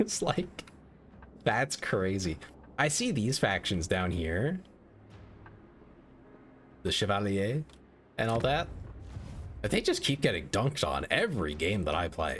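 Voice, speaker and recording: A man's voice: lowish voice, a bit bright, a little hiss or hum. A man streaming a strategy game, chatting casually and rambling in a self-mocking way, full of "like" fillers, into a desk microphone. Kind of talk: casual gaming stream chat.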